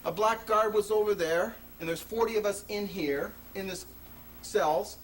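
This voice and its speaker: A man's voice: high-pitched, unhurried, fairly bright tone. A man giving an impassioned public talk, telling his own story in an emphatic, conversational way with sudden rises in his voice. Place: presentation venue before an audience. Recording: distant mic with faint noise, 1980s video.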